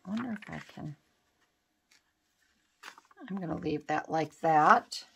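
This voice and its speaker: Female craft vlogger, bright voice, chatty and self-deprecating, casual running commentary while she works. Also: low-pitched, slow pace, creaky, husky. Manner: chatty, self-teasing, scatterbrained. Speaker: craft channel host. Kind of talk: casual crafting vlog chat.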